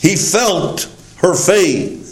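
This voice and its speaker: Slow, emphatic male preacher in an echoey hall. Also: lively intonation. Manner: emphatic, drawn-out stresses with sudden drops in pitch and volume. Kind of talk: sermon.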